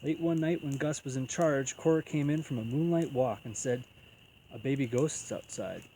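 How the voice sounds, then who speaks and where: A man reading a children's picture book aloud as storyteller, in an even, unhurried way. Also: on the high side, a little hiss or hum, poor audio.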